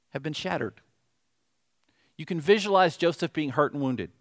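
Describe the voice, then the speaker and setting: A middle-aged man with a Southern accent preaching a sermon, telling a story in an animated way with joking asides. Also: on the high side. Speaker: pastor.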